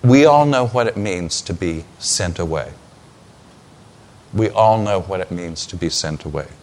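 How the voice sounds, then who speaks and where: A man preaching a sermon, retelling scripture as a story with dramatic pauses. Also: deep voice, lively intonation, a little mellow.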